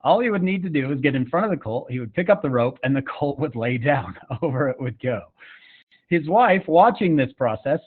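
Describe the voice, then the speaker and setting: A man's voice: medium pitch, slightly rough. A middle-aged man from Utah giving a personal storytelling talk at a summit, earnest and conversational, with fillers and asides to the audience. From Utah, USA. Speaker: summit speaker. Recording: tinny phone-like line.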